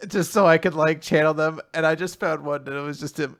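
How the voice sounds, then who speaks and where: A man's voice: fairly high pitch, steady tone, fairly quick, hardly any pauses, fairly bright tone. A man co-hosting a casual manga recap podcast, making sardonic and profane jokes. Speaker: podcast co-host.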